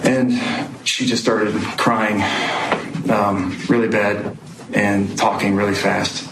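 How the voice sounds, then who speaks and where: A man testifying as a witness in court, speaking haltingly with many pauses and fillers. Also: on the low side, little pitch movement. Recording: echoey noisy courtroom audio.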